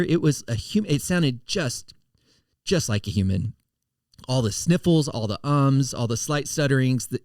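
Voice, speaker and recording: A man's voice: medium pitch, a little mellow, no echo. A middle-aged man hosting a podcast, talking in a casual, conversational way with frequent restarts. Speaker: podcast host and financial firm CEO.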